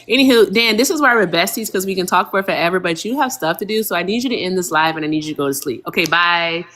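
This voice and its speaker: Low-voiced woman chatting frankly. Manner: animated, frank and joking, talks fast when wrapping up. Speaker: guest co-streamer. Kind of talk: casual livestream chat.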